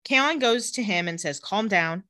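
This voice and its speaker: A woman co-hosts a podcast, chatting through a TV episode and dipping into lower voices for the characters' lines. Her voice is bright and animated, and the recording is dry and close. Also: moderate pace, no echo. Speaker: podcast co-host recapping a TV episode. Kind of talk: casual chat with acted-out quotes.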